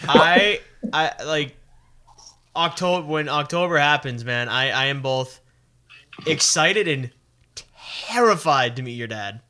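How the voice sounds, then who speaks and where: A man's voice: a little high, lively intonation, slow pace, long pauses, bright, forceful tone. A man co-hosting a podcast, chatting casually and cracking jokes. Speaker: podcast co-host. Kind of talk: casual chat.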